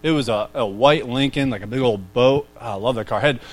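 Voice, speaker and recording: A man's voice: medium pitch, normal speed. A man around thirty giving a casual, chatty sermon to a youth group, easily sidetracked and self-deprecating, often asking the room questions. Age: 30s.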